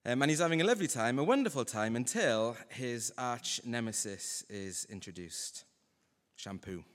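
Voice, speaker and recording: A man preaching a sermon in a relaxed, conversational, humorous way to a congregation. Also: mid-range voice, normal speed. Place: church hall. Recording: long hall reverb.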